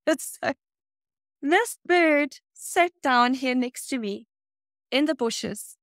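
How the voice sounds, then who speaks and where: A woman's voice: high-pitched, lively intonation, slow pace, dry recording, clean studio sound. A woman guest from South Africa telling a personal faith story, emotional and laughing often as she talks.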